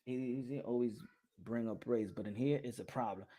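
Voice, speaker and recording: A man hosting a casual boxing commentary vlog, ranting loudly and profanely, repeating phrases and laughing at his own points. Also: mid-range voice, normal speed. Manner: loud, profane, heated ranting with bursts of shouting. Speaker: boxing channel host.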